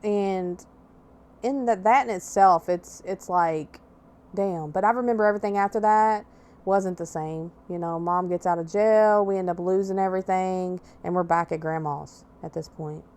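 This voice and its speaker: A woman's voice: lowish voice, moderate pace, darkish tone, clean tone. A woman hosting a podcast, telling a personal story in a blunt, candid way with plenty of swearing. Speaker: podcast host.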